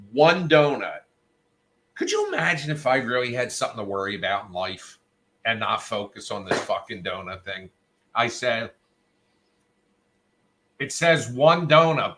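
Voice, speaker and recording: A man's voice: fairly low pitch, bright, forceful tone. A man hosting a show, telling a story in a casual, profane, worked-up rant and quoting people in raised voices. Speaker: show host.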